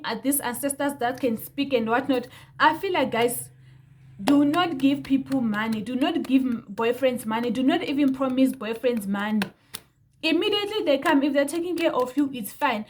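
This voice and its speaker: A woman's voice: high voice, darkish tone. A young woman talking to her viewers in a heated, indignant way, repeating herself for emphasis. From South Africa. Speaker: vlogger. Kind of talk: casual commentary to camera.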